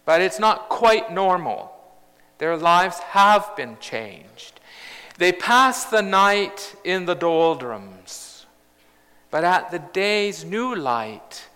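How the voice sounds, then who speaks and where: A man in his fifties delivers a sermon in a measured, reflective way, breaking into humour now and then. His voice sits a little high and sounds bright and clear. The long reverb of a large church trails behind him. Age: 50s. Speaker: pastor.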